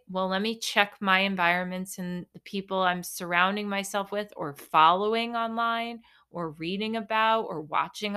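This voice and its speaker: Young woman podcast host, solo casual monologue, bright forceful voice, chatty and self-mocking as she tells a story. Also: mid-range voice. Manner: chatty, animated storytelling with playful self-mockery.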